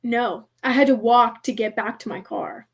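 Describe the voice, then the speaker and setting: A young adult woman telling a personal story as a podcast guest, chatty and animated, filling her speech with "like" and acting out quoted voices. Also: fairly high pitch, moderate pace, slightly rough. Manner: animated, heavy use of "like", acts out quoted voices. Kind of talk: casual storytelling.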